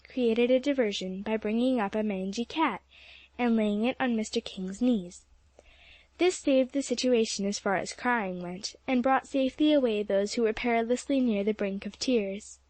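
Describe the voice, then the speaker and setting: Woman, audiobook narrator, steady storytelling, fairly high pitch, dry close mic. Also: moderate pace, no room sound. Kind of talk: scripted narration.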